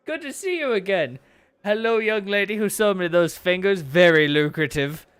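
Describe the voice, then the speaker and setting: A man's voice: high voice, animated, normal speed, a bit bright, clear, resonant tone, voice pushed up. A man voicing a pompous, overly courteous nobleman in a tabletop game. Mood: courtly. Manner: overly polite, grand.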